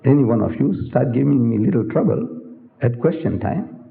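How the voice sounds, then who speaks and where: A man's voice: medium pitch, big pitch swings, normal speed, vocal fry. Older guy lecturing, theatrical, lots of rhetorical questions, voice bounces around a roomy hall, phone-thin old tape. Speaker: Islamic lecturer. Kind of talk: public lecture. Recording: echoey hall, tinny old recording.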